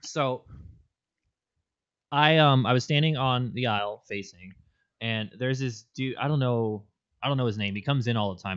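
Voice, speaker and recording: A man co-hosting a podcast, telling an animated story in casual chat and laughing often. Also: medium pitch, highs cut off. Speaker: podcast co-host. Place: Arizona.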